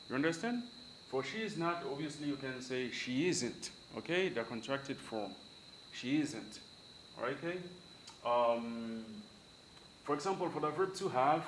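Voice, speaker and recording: A man's voice: medium pitch, lively intonation, a little slow. Casual bilingual male English teacher. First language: Spanish. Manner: casual, repeats example sentences, switches languages. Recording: echoey room, faint background noise.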